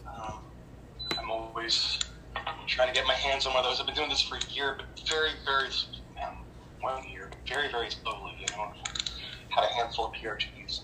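A man speaking candidly at a support meeting over a video call, halting with many fillers and restarts, getting heated as he talks. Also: medium pitch, steady tone, echoey room, noisy background. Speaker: recovery meeting member sharing.

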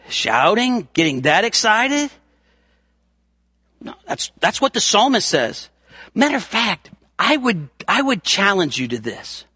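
A middle-aged man preaching a sermon as a pastor, emphatic, repeating words for stress and swinging from loud calls to quiet asides. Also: high-pitched, dry recording, studio quality.

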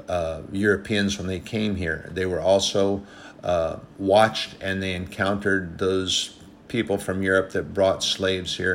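A man's voice: low voice, fairly bright tone, a little hiss or hum. A man giving an informal, earnest sermon, telling a personal story in a conversational, rambling way. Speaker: preacher.

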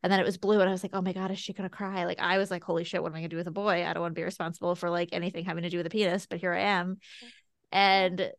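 A woman's voice: lowish voice, level tone, very fast, dry recording. A woman in her thirties, co-hosting a podcast, telling a personal story in a chatty way full of "like". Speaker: podcast co-host. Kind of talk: casual chat.

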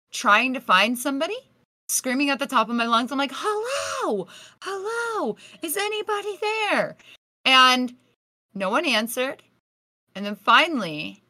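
A woman's voice: a little high, bright, forceful tone, dry recording. A woman podcast guest telling a story in a casual, vivid way, swearing freely.

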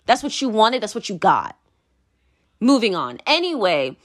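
A woman's voice: medium pitch, sing-song, normal speed. A woman vlogging her opinions in a rambling, heated, profane rant full of fillers.

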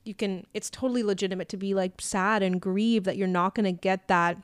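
A woman's voice: medium pitch, steady tone, fairly quick, clean tone, no echo, clean studio sound. A young woman co-hosting a podcast, talking things through in a reflective, conversational way with plenty of fillers. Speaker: podcast co-host. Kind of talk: casual chat.

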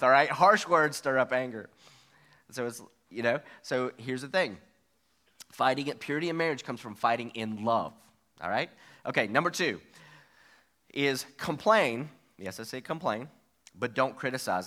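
A man's voice: medium pitch, bright, forceful tone. A middle-aged man preaching a sermon in a conversational way, often checking in with "okay?" and "all right?". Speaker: pastor.

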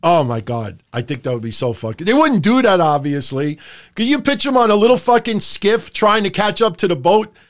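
A man's voice: sits high, sing-song, brisk. A middle-aged man hosting a live stream, talking in a loose, rambling and profane way from a room at home. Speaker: podcast host. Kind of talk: casual live-stream commentary. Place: home room under hot lights.

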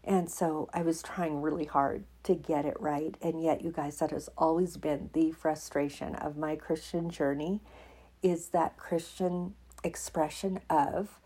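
A woman hosts her podcast, telling a personal faith story with plenty of emotion and frequent laughter. Her voice sits on the low side and sounds warm and a little husky. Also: fairly even intonation, measured pace. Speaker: podcast host.

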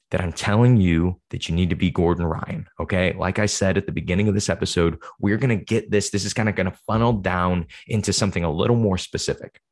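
A young man hosting a podcast, telling a story in a casual, animated way with lots of fillers and restarts. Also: sits low, no room sound, studio quality. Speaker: podcast host.

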